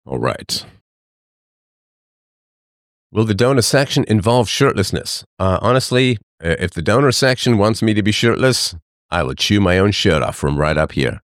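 A middle-aged man hosting a livestream, talking to his chat in a sarcastic, animated monologue. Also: moderate pace, no room sound, studio quality. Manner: animated, sarcastic, mimics others in higher voices. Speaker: livestream host. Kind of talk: casual monologue to live chat.

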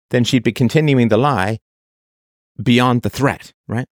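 A man's voice: medium pitch, expressive, moderate pace, no echo, clean studio sound. A man hosting an advice conversation, pressing a caller with probing questions and acting out quoted voices. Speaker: host.

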